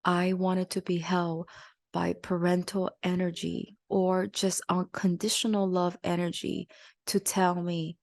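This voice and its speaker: A woman hosting her own podcast, talking in an earnest, gentle and confessional way. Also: fairly low pitch, flat delivery, measured pace, creaky, no room sound, studio quality. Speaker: podcast host. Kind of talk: reflective podcast monologue.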